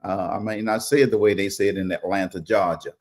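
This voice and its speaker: A man from Louisiana co-hosting a casual livestream chat over a video call, relaxed and talking with fillers. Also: low voice, fast talker. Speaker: co-host and co-author.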